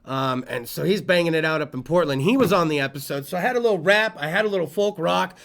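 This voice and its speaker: Man, talk show host, loud, profane, rowdy banter, high gravelly voice. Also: lively intonation, quick pace. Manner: loud, rowdy, profane, shifting between yelling and mumbling. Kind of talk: casual late-night show banter.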